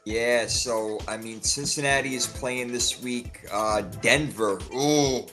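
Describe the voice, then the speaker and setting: A man co-hosting a casual sports podcast, reacting quickly and laughing often as he makes his picks. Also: mid-range voice, a bit bright, faint music behind. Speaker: podcast co-host.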